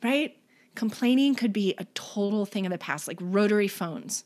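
A woman talks as a podcast guest in an easy, enthusiastic way. She sprinkles her speech with ums and likes. Her voice sits at a mid pitch. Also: normal speed, a little mellow. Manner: enthusiastic, uses many fillers. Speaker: guest, artist and author. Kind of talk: casual interview chat.

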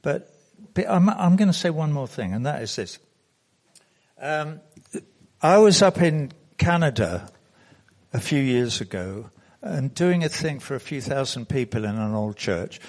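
Brief: man at a conference podium, loose storyteller, stops and restarts, mid-pitched. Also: big pitch swings, a little slow, pauses often, a little mellow. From England. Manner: rambling storytelling with self-corrections. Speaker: conference speaker. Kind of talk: anecdotal conference speech. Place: conference hall.

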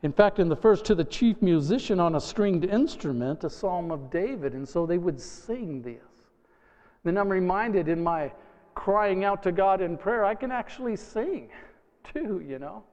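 A man preaching a conversational, emphatic sermon as pastor, with lively asides to the congregation. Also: high-pitched, measured pace. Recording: dull reverberant church recording.

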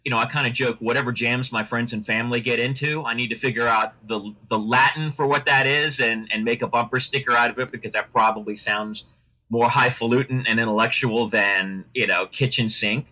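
A middle-aged male lawyer chats as a podcast guest, circling through stories with frequent restarts. His voice has a bright, forceful edge. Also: mid-range voice, steady tone, fairly quick, rough recording. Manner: chatty, rambling with many restarts. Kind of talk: casual podcast interview.

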